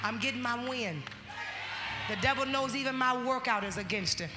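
A woman with a high voice preaches a fervent sermon, dropping low and then breaking into shouted praise. She calls out to the congregation in a call-and-response style. She is recorded in an echoey church hall with loud music behind her. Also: normal speed, a crowd in the background.

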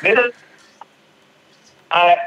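A man hosting a podcast in a casual, jokey way, often halting and restarting. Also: sits high, sharp tone, highs cut off. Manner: jokey, halting, stumbling over words. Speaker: podcast host.

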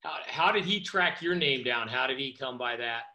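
A male host leads a casual interview, his voice notably bright and sharp. He asks his questions in a relaxed, chatty way. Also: mid-range voice, normal speed. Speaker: host and football coach.

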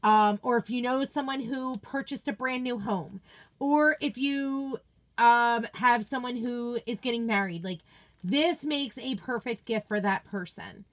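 An enthusiastic woman hosts a casual unboxing chat from her home office. She gushes over each item and answers her viewers in a chatty, excited way. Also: on the high side, a little slow. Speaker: craft product seller and video host.

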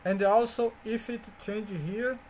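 A man whose first language is Portuguese, teaching a coding lecture in a halting way, with fillers, restarts and repeated words. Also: sits high, fairly even intonation, a little mellow, slight background noise. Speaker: course instructor.

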